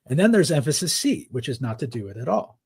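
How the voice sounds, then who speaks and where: A man's voice: on the high side, very animated, fast talker, vocal fry, a little mellow, breathy edge, no echo. A man, a podcast guest and author, explaining ideas in a conversational interview, often checking in with "right?". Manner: explains frameworks with many "right?" tags.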